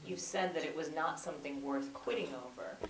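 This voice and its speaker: A woman's voice: deep voice, a little fast. A woman moderating an interview, asking long questions with a hesitant, filler-heavy manner. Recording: distant, echoey hall mic with noise.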